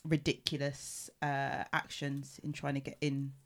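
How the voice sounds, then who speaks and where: A woman's voice: rumbling low, completely flat delivery, measured pace. Woman on a podcast, laughs a lot, does silly voices reading tweets. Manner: laughing, reads tweets aloud in mocking voices. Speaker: podcast co-host. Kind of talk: casual chat.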